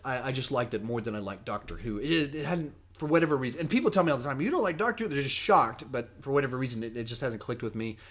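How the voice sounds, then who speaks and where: A young man hosting a casual livestream Q&A, talking in a rambling, animated, self-mocking way. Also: mid-range voice. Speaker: host.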